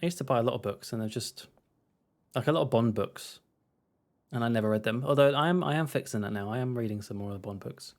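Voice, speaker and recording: A man's voice: medium pitch, fast, a little mellow. A man casually chatting and rambling while streaming a game. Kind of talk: casual let's-play commentary.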